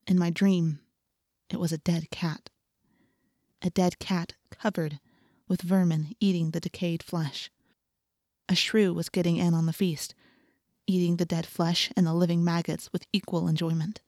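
Low-voiced woman narrating an audiobook. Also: little pitch movement, measured pace, pauses often, a little mellow, no echo, studio quality. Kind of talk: first-person audiobook narration.

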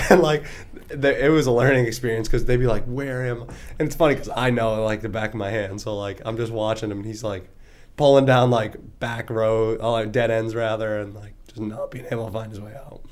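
A man's voice: on the low side, steady tone, fairly quick. Brief: young male podcast co-host, easygoing storyteller, laughs often, casual "dude" talk. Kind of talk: casual chat among friends.

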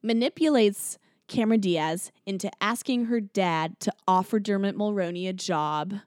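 A woman's voice: mid-range voice, moderate pace, darkish tone, dry recording, studio quality. A young woman co-hosting a podcast, casually recapping a film with lots of fillers and acted-out quotes. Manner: chatty, lots of likes and ums, acts out quotes. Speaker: podcast co-host.

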